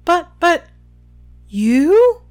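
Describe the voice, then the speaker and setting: Woman voicing a pompous male minister, blustering, high barking voice, wide swings. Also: drawn-out words, exaggerated voice. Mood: gloating. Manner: loud excited outbursts, high and pushed.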